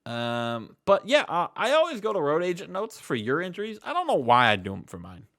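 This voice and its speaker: Animated, swearing male podcast host. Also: fairly high pitch, fairly quick, vocal fry. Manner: animated, profane, laughing storyteller. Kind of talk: casual chat recapping a wrestling sim.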